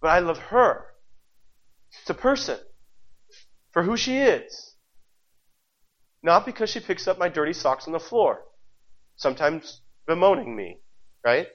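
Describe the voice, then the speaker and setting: A man's voice: a little high, expressive, a little slow, long pauses. A married man preaching a sermon with passion, repeating phrases and asking the congregation rhetorical questions. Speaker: pastor. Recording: dull lo-fi recording.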